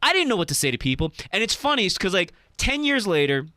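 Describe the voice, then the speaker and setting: A man's voice: sits high, fast, no echo. A male comedian guest in a radio studio, telling a story and acting out what people said. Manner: animated, acts out quotes.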